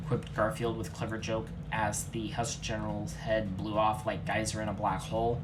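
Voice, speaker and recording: A man reading a comic fanfiction aloud in a deadpan, mock-serious voice. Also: fairly low pitch, normal speed, hardly any pauses, background noise. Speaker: fanfiction reader. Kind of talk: comedic deadpan story reading.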